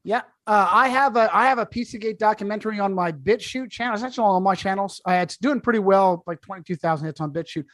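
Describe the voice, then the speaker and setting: A man who is a guest author on a podcast, talking emphatically and sarcastically in quick bursts. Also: sits high, a bit bright, dry recording. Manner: emphatic, sarcastic, rapid-fire. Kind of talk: podcast discussion.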